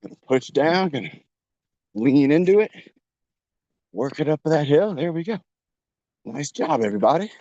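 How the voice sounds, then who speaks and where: Man, fitness coach, slightly high voice, dry close sound, jogging outdoors, a bit breathless. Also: sing-song, moderate pace, long pauses, dark tone, no echo, dull audio. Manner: encouraging, talks while running outdoors. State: a little out of breath. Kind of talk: coaching a workout while jogging. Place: outdoors on a trail.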